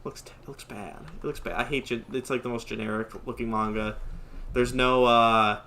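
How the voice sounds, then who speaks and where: A man's voice: fairly even intonation, moderate pace, bright, forceful tone. Sarcastic young man ranting casually. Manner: sarcastic, jokey, ranting, often mimics characters in a squeaky falsetto. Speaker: podcast host. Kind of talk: casual chat.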